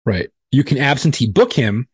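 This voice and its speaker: A man's voice: mid-range voice, animated, normal speed, husky, dry recording, studio quality. A man, a podcast co-host and police officer, chatting in a laid-back, profane way. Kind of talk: casual chat.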